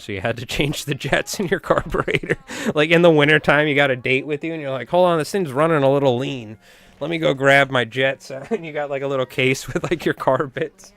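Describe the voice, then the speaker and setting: Smooth-voiced man chatting on a live stream. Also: medium pitch, fairly bright tone. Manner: rambling storyteller, chuckles often, talks to chat. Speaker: fly tying live-stream host. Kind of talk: casual live-stream chat.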